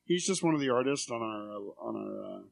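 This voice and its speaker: A man in casual chat, telling an animated, swearing story about a convention. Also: medium pitch, a little fast, creaky. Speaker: podcast co-host.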